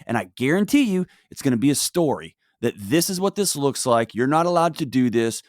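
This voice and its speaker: A middle-aged man, a guest on a podcast, talking in a lively, casual way that swings from loud to quiet. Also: brisk, no echo, clean studio sound. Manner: animated, big swings in pitch and loudness, acts out voices. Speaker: podcast guest, mental health author. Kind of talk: casual conversational interview.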